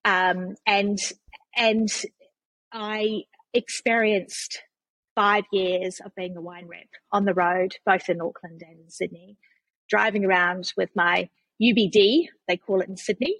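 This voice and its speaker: A woman's voice: medium pitch, fairly even intonation, measured pace, fairly bright tone, rough recording. A woman with a New Zealand accent, a guest telling her story in a chatty, conversational way. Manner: chatty storyteller with frequent restarts and laughs. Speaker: guest, charity CEO. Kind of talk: casual conversational interview.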